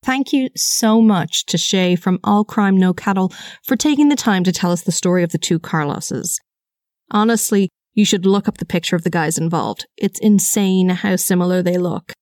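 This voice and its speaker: A woman podcast host reading scripted true-crime narration, with brisk, conversational asides. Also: fairly low pitch, darkish tone, dry recording, clean studio sound.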